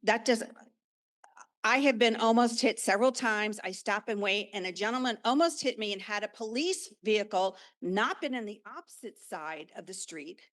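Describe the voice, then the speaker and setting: A woman's voice: mid-range voice, moderate pace, a bit bright. An older woman, a longtime resident, giving a frustrated but polite comment at a town meeting.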